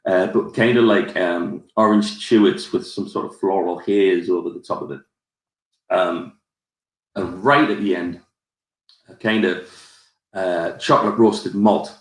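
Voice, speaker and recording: A man's voice: sits low, measured pace. A man with a Geordie accent hosting a live whisky tasting, rambling through his tasting notes with plenty of fillers. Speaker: whisky society ambassador. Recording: roomy echo.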